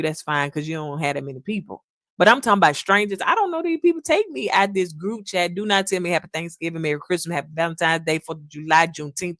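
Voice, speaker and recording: Brief: woman podcast host, low-set voice, earnest casual monologue, dry close mic. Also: a bit bright, no room sound. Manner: earnest, addresses listeners as "y'all", acts out quotes.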